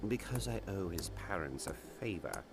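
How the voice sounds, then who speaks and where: A man's voice: low voice, animated, moderate pace, creaky, background noise. An actor playing a scheming male alchemist master in a video game, talking in a brusque and belittling way. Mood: scornful. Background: game music.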